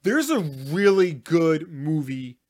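A man's voice: fairly high pitch, very animated, slow, darkish tone. A man co-hosting a live show in casual chat, rambling with lots of filler words. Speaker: podcast co-host.

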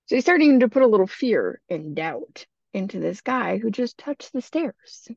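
A woman hosting a podcast tells a creepy story in a chatty, casual way, peppered with "you know" asides. Her medium-pitched voice is sing-song and creaky, at a normal speed with few pauses, in a dull, dry lo-fi recording.

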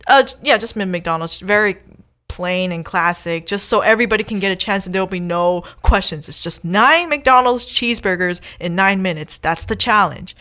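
Young woman, podcast guest, mid pitch, chatty and upbeat. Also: moderate pace, sharp tone. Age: young adult. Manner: chatty, upbeat, peppered with "you know" and "like". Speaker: guest, competitive eater and food creator. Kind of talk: casual podcast interview.

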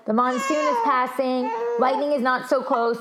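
Young woman ranting thru a travel story, kinda high voice, echoey room. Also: moderate pace, heavy background noise. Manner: animated, exasperated storytelling, acting out the other people's lines. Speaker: storyteller in a casual chat. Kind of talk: casual chat.

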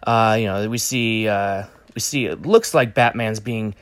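A man with a slightly low voice talks through a trailer in casual solo commentary. He rambles, restarts often and keeps the tone jokey. The recording is close and dry. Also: measured pace, no room sound. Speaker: vlogger reviewing a movie trailer.

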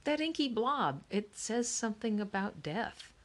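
A woman's voice: on the high side, sing-song, a little slow, pitched above the performer's own voice. A woman doing an eager little boy. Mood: insistent. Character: young boy, little brother, eager to be heard.

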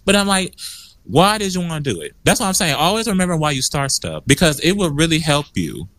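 A man hosting a podcast in casual chat, talking in an animated, emphatic pep-talk way. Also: fairly quick, no echo. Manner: animated, emphatic, pep-talk delivery with big pitch swings. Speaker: podcast host.

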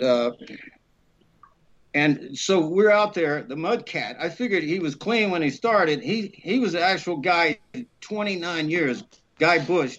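On lo-fi sound, a middle-aged actor from Alabama rambles through animated stories during a podcast interview where he's the guest. He acts out quotes with many fillers, and his male voice sits at a fairly high pitch.

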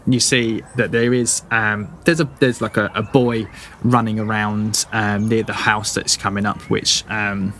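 A man narrating a tabletop game as game master, halting with many fillers. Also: lowish voice, flat delivery, a bit bright, slight background noise. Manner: halting, lots of ums.

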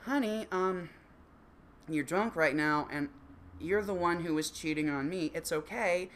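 A man voicing a meek young boyfriend who pleads softly with his partner. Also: on the high side, a little slow, very noisy, close to an everyday voice. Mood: timid pleading. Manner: soft, timid pleading.

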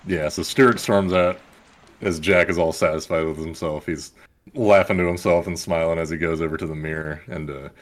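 A young man casually recapping a film, animated, acting out the characters and laughing often. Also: sits low, normal speed. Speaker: podcast host.

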